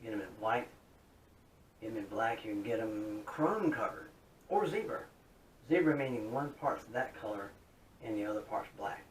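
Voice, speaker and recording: A man's voice: lively intonation, normal speed, long pauses. Chatty man in a roomy, distant recording. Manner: folksy, chatty, upbeat. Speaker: guitar hobbyist showing his modded guitar. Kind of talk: casual demo talk to camera. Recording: roomy, distant mic with faint rumble.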